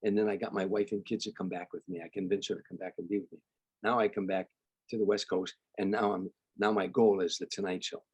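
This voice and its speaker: An older man from Chicago, a comedian guest, telling stories in an animated way and acting out the people he quotes. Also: low-pitched, fast talker, breathy edge, no echo. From Chicago, United States. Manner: animated storyteller, acts out quoted voices. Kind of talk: storytelling interview.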